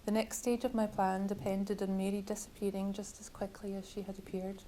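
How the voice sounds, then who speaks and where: Woman author, measured bookshop reading, level even delivery. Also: mid-range voice, slight background noise, low-quality recording. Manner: measured, literary reading with wry asides. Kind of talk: reading from her novel.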